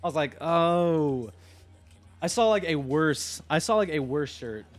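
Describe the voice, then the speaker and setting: A young man chatting on a live stream, rambling excitedly, swearing and talking to his chat. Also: fairly high pitch, fairly quick.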